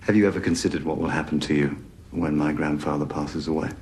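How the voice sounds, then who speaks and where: An actor playing a menacing young heir in a period drama, smooth, soft and insinuating. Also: male voice, rumbling low, fairly even intonation, quick pace, a little hiss or hum. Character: menacing young male heir, predatory villain. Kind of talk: period television drama acting.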